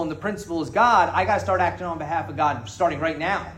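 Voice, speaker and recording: A man's voice: on the high side, fast talker, few pauses, a bit bright, slight background noise. A man sharing his story at a recovery meeting, frank and joking, swearing freely as he speaks to the group. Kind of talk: candid personal testimony to a group. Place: meeting room with an audience. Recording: roomy hall echo.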